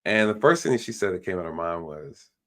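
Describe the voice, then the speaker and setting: A man's voice: low-pitched, big pitch swings, a little fast, a bit bright. A man hosting a live stream, talking bluntly in a ranting way and mimicking the people he quotes. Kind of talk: casual opinion talk.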